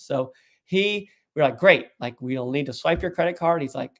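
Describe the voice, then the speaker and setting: A man as an interview guest, telling an animated story and putting on voices for the people he quotes. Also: a little high, normal speed. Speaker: guest, tech executive.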